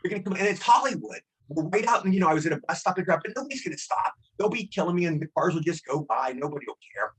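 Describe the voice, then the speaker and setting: Male podcast guest: husky, quick, excitable raconteur who plays out his quotes. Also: on the high side, low-quality recording. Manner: fast and excitable, acts out quotes. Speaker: guest actor. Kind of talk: animated storytelling.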